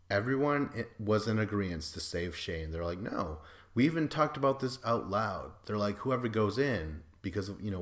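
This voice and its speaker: A man hosting a podcast, recapping a reality show in a loose, profane, joking way, full of fillers and quoted asides. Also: lowish voice. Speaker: podcast host. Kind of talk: casual recap chat.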